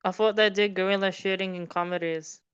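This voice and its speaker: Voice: medium pitch, fairly even intonation, fairly quick, a bit bright, clean tone, no room sound. A podcast co-host in casual chat, mostly short interjections and hesitant starts. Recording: dull lo-fi dry sound.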